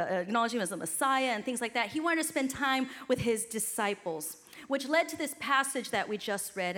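A woman preacher delivering an energetic, exhortative sermon that rises to shouts. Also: on the high side.

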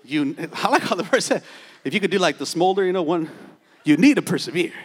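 A man pastor delivering a sermon, moving between playful asides and loud, shouting exhortation. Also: sits high, lively intonation, quick pace.

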